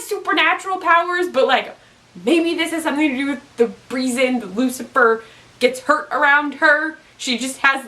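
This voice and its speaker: A woman talks through a TV episode recap in an excitable, rambling fan style. Her voice is bright and sits somewhat high. Her pitch swings widely throughout. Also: rough recording. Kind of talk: casual TV recap.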